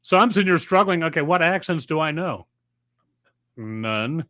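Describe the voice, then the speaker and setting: Middle-aged guy, bright tense voice, dry close sound, ribbing his cohost. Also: fairly high pitch, expressive, normal speed, dry recording. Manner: joking, teasing banter. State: sweating in a hot room. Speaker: podcast co-host. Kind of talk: casual chat.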